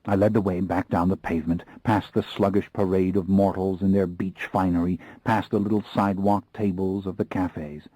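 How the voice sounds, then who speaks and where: A man's voice: deep voice, flat delivery, moderate pace, hardly any pauses, dark tone, dry recording, rough recording. A man narrating an audiobook in the first person, with an intense, brooding reading into a close studio mic.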